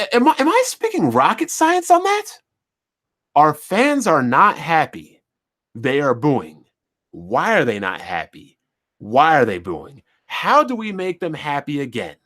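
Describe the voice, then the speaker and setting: A man on his commentary channel rants straight to his viewers in a fairly high voice. His pitch rises and falls widely, and he drives his points home with one repeated rhetorical question after another. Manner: animated, repetitive rhetorical questions. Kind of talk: opinion rant to camera.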